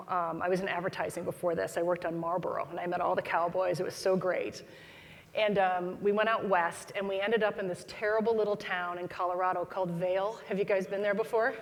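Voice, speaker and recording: A woman gives a keynote talk, spinning anecdotes and slipping into the voices of the people in them. Her pitch sits in a middle range. Long reverb from a large hall trails after each phrase. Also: slight background noise. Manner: animated storyteller, acts out quoted voices. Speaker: keynote speaker. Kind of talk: storytelling talk to a live audience.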